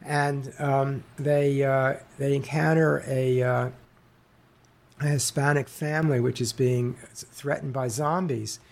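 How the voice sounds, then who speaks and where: Guy in an interview, gravelly voice, lots of ums and restarts. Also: mid-range voice, level tone, a little mellow. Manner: halting, many fillers and restarts. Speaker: author guest. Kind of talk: interview conversation.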